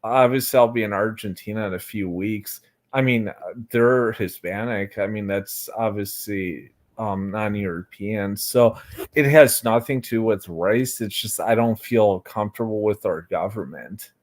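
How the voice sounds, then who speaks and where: A man's voice: on the low side, measured pace. A young American man, a livestream interview guest, talking hesitantly and rambling with many fillers and restarts. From United States. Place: Florida.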